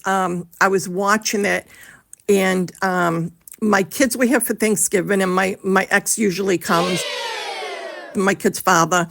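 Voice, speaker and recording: A middle-aged woman rambles through a casual voice message to a podcast. Her voice sits at an ordinary pitch for a woman. She is chatty and gushing, swears freely and drops ums between her thoughts. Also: gravelly, a bit bright. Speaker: listener sending in a voice message.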